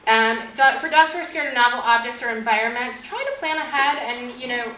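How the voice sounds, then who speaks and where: A woman teaching a class on fearful dogs as a trainer, in a lively way, with vivid examples and questions to her audience. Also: on the high side, fairly quick, a little hiss or hum. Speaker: dog trainer. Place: store or training room with an audience. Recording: echoey room, recorded from a distance.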